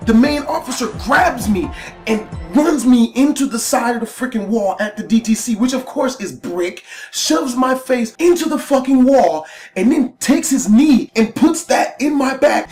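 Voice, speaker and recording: A woman telling a personal story in a casual vlog, animated and full of profanity. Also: fairly high pitch, normal speed. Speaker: storytime vlogger. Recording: roomy echo, faint music.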